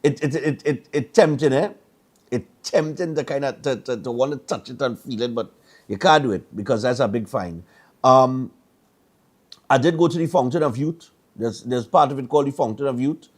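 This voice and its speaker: A middle-aged man from Trinidad and Tobago, with a Trinidadian accent and a mid-range voice, hosts a morning show at a moderate pace. In casual chat he tells stories in a rambling way, with stammered repeats.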